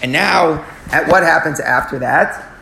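A man's voice: fairly high pitch, measured pace, creaky, pushed and bright, slight background noise. A man teaching a Talmud lesson, explaining step by step and asking and answering his own questions, with Aramaic and Hebrew terms mixed in.

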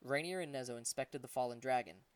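A man reading an adventure audiobook, telling the story at a steady pace and voicing the characters. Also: mid-range voice, fast talker, recorded from a distance. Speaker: audiobook narrator.

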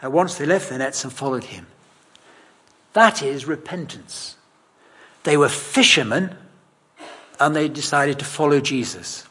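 A man's voice: on the high side, lively intonation, unhurried, pauses often, a bit bright, breathy edge. A man preaching a sermon in a conversational, emphatic, self-deprecating way.

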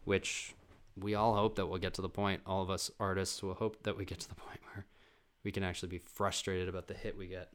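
A man's voice: sits low, flat delivery, brisk, clear, resonant tone. A man hosting a podcast, telling family stories in a loose, rambling way, swearing freely and restarting his sentences. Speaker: podcast host. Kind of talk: casual storytelling monologue.

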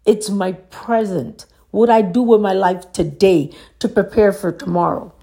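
Earnest woman with a gravelly voice. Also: mid-range voice, fairly even intonation, unhurried, dark tone. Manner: earnest, rhetorical questions to the listener. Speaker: motivational speaker. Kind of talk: motivational talk.

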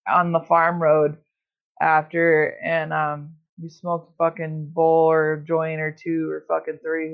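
A woman telling stories in a casual chat, swearing constantly and rambling with lots of fillers. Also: lowish voice. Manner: profane, rambling storytelling with many fillers. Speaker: podcast host. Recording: dull lo-fi sound.

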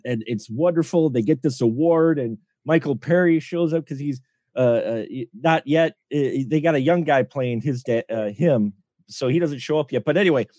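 A man co-hosting a podcast, explaining things in an animated, emphatic way in casual chat. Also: fairly high pitch, dry recording, clean studio sound. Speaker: podcast co-host.

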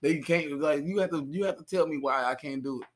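Animated man, laughing often. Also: fairly high pitch, brisk. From Georgia, US South. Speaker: podcast co-host. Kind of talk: casual comedic podcast chat.

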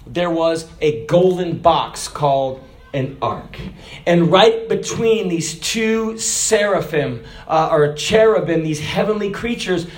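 A man preaching a sermon, animated, swinging from loud shouted peaks to soft low asides.

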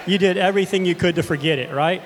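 Casual preacher from Texas, middle-aged man, slightly high voice, in a long reverberant sanctuary. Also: fast, over a noisy crowd, very noisy. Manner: casual, conversational, addresses the congregation directly. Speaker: pastor. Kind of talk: sermon with storytelling. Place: church sanctuary.

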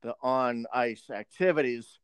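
A man's voice: mid-range voice, unhurried, a bit bright, smooth, no echo. A man co-hosting a podcast, telling a profane work story in casual chat.

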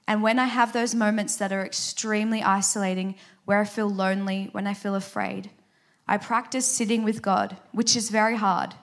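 A woman giving a devotional talk, earnest and gentle, who tells a children's story and ends in prayer. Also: medium pitch.

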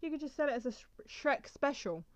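A woman's voice: sits high, lively intonation, brisk, no echo, muffled recording. A young woman hosting a solo podcast, chatting in a giggly, rambling, self-deprecating way and wandering off on tangents. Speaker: podcast host.

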